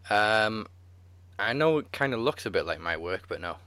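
A man with a lowish voice that rises and falls a lot, making wry jokes in a casual podcast chat. The sound is close and dry, with no room around it. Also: lively intonation, moderate pace, sharp tone, smooth, no room sound. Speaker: podcast co-host.

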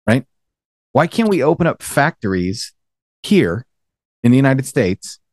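A man's voice: mid-range voice, darkish tone, no room sound. Opinionated man on a dry podcast mic. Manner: opinionated, builds points by repeating phrases. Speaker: podcast co-host. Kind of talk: casual podcast banter.

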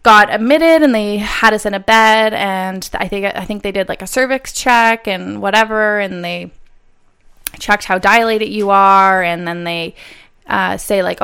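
A woman's voice: mid-range voice, measured pace, vocal fry, fairly bright tone, smooth. A young woman telling a personal story in a casual, chatty way, full of fillers and laughing often. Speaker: vlogger.

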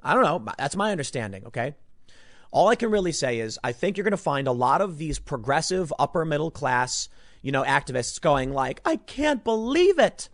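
A man's voice: mid-range voice, animated, brisk, fairly bright tone, no room sound, studio quality. A man from Chicago giving an emphatic, rambling commentary on news stories, often repeating himself as he talks. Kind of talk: opinionated news commentary monologue.

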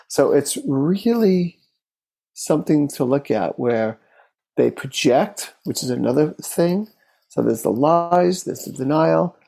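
A man who works as a therapist, recounting a case as an interview guest in an unhurried, thoughtful way, speaking in short phrases. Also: mid-range voice, gravelly, warm tone, husky, rough recording. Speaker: therapist and relationship expert.

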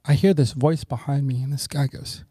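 A man's voice: medium pitch, steady tone, normal speed, dark tone, slightly rough, no echo, clean studio sound. A middle-aged man, a podcast guest, telling earnest, rambling anecdotes and often saying "you know". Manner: earnest, grateful tone. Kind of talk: conversational storytelling.

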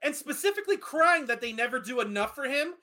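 A co-host in a casual sports podcast, teasing the others with quick interjections. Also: sits high, animated, sharp tone.

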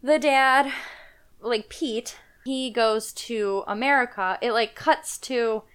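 A woman's voice: fairly high pitch, takes it slowly, a bit bright, clear, resonant tone. A woman casually retelling a movie plot in a podcast chat, talking in a loose, rambling way with lots of fillers. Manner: chatty storytelling with frequent fillers and laughs.

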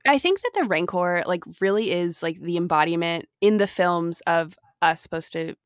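Woman, casual discussion, chatty, restarts, low-ish voice. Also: expressive, normal speed, no room sound, studio quality. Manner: chatty, many fillers and restarts. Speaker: podcast co-host.

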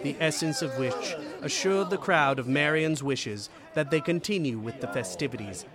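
A man narrating an audiobook story in a dramatic, expressive way. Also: a little high, normal speed, a crowd in the background.

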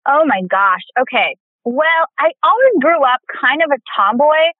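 A woman in her thirties, a podcast guest chatting in an animated way, often laughing and acting out quotes. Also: sits high, moderate pace, no room sound. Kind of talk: casual interview chat. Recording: tinny phone line.

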